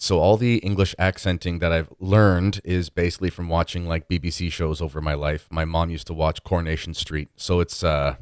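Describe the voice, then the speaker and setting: A man's voice: sits low, clear, resonant tone, no room sound, clean studio sound. A man hosting a podcast in a chatty, self-deprecating conversational way. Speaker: podcast host.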